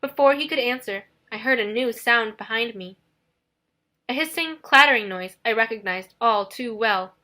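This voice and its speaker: A woman narrating an audiobook in the first person, in a steady, dramatic storytelling manner. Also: on the high side, normal speed.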